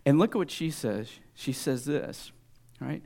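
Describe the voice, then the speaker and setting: A man preaching a sermon who keeps checking in with the congregation and drops to hushed whispers for emphasis. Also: medium pitch, animated, a little slow, gravelly. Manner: swings from loud exclamations to hushed whispers for emphasis. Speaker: pastor.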